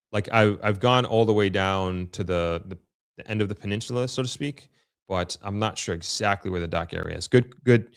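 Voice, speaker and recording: Low-voiced Long Island man hosting. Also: dry recording, clean studio sound. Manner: chatty, upbeat, reads viewer comments aloud. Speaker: livestream host reading chat. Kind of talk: casual live-stream chat.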